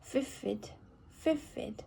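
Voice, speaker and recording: An English woman in England reads a list of words aloud one at a time for speech practice, relearning to talk after a brain injury, with slow, deliberate, effortful articulation. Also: warm tone. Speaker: vlogger recording speech practice.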